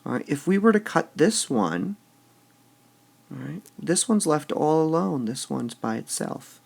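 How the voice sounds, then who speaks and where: A man teaching poetic meter in a recorded lesson, slowly sounding out syllables and muttering to himself as he marks the stresses. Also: fairly high pitch, big pitch swings, gravelly, darkish tone, breathy edge. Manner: slow and deliberate, sounding out stressed syllables, drops to a mutter when writing.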